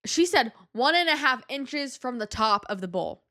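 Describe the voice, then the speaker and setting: A chatty young woman hosts her own podcast and tells a story from her day. Her voice sits a little high, and she jumps into quoted voices as she goes. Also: expressive, normal speed, sharp tone. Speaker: podcast host. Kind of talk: casual storytelling monologue.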